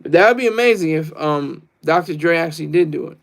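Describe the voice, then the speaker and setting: A man's voice: a little high, lively intonation, fast talker, creaky. A man hosting a casual livestream, reading chat comments and rambling boastfully, laughing often. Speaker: livestream host.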